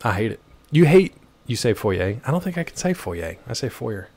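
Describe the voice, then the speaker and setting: A male livestream host chatting casually from home, playful and animated, jumping between high and low pitch. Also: normal speed. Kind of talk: casual chat while gaming.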